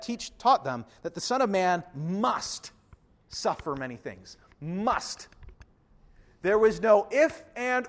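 Earnest guy preaching, pretty high voice, leans hard on key words. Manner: earnest, emphatic, addresses listeners as friends. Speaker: pastor. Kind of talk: sermon.

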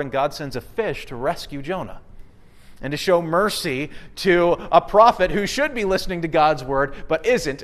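Male pastor, sermon, animated delivery, slightly high voice. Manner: animated, acts out quoted voices with big swings.

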